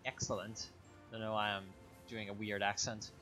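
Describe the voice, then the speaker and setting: A man talks through his strategy game in a calm, low-key way, as if thinking out loud. His voice sits a little low but sounds bright and forward. Faint game music plays underneath. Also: normal speed. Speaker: gameplay commentator. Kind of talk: casual let's play commentary.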